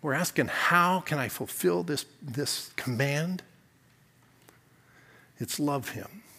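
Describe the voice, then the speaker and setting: A man preaching a sermon as pastor, dropping to quiet reflection and then rising to emphatic, repeated phrases. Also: fairly high pitch, expressive, slow pace, creaky, breathy edge.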